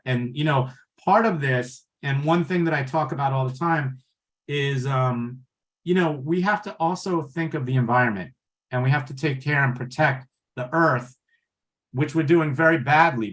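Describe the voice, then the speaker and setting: A man giving a passionate, conversational webinar talk on pulmonary wellness over a video call, often checking in with "right?". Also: mid-range voice.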